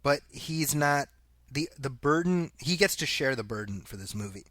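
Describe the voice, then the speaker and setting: A man's voice: mid-range voice, expressive, normal speed, a bit bright, dry recording, clean studio sound. A man co-hosting a casual movie podcast, reading listener comments aloud and laughing often. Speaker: podcast co-host. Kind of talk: casual chat.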